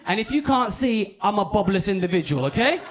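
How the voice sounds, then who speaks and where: A man doing stand-up with a very high-pitched voice. He tells his story in a punchy, animated way, swears freely and leans into petty humour. He speaks into a handheld stage mic in a comedy club. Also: brisk.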